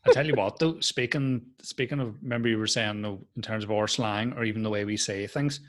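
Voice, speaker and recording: A man's voice: fairly low pitch, brisk. A young adult man, a comedian in casual podcast chat over a video call, telling stories with lots of swearing and acted-out quotes.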